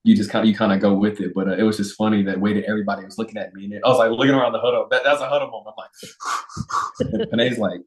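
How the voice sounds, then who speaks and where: A young man, a football player, chatting as a guest and telling stories with laughs, raising his voice high to act out quotes. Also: steady tone, rapid-fire. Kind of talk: casual interview chat. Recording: roomy echo.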